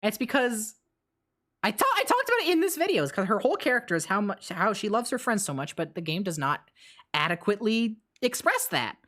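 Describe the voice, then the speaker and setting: A woman's voice: medium pitch, very animated, fairly quick, a bit bright. A woman streaming live and chatting casually while reading chat, rambling and blunt. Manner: rambling, many fillers and restarts, blunt.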